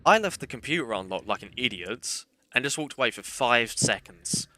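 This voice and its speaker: A young man chats while he plays, drifting from the game into long personal stories told with dry, self-deprecating humour. His voice sits at an ordinary middle pitch with a notably bright, forward tone. He keeps the talk loose and casual throughout. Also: expressive, moderate pace. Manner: chatty, rambling anecdotes with self-deprecating humour. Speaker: game streamer. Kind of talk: casual gameplay commentary and storytelling.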